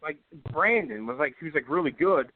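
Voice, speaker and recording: A man's voice: a little high, expressive, brisk. Chatty man on a tinny phone line. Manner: rambling, many fillers and restarts. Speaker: radio show guest. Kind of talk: casual sports chat.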